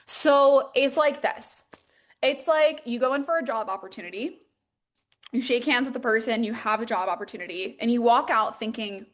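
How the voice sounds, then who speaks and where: A woman's voice: a little high, lively intonation, moderate pace, a bit bright. A young woman hosting a podcast as a mindset coach, talking in a casual, emphatic motivational monologue full of "like" and swearing. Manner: casual, emphatic, swears freely, many fillers.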